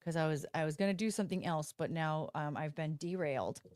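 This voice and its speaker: A woman's voice: low voice, brisk, a little mellow, dry recording, studio quality. A woman hosting a casual livestream, rambling and interrupting herself as she talks to viewers through her phone. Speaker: livestream host.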